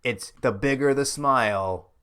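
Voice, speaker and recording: A man's voice: medium pitch, measured pace, fairly bright tone, clear, resonant tone. A man co-hosting a podcast, recapping a TV show in casual chat with wry jokes and frequent laughs. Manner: wry, joking asides, laughs often. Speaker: podcast co-host.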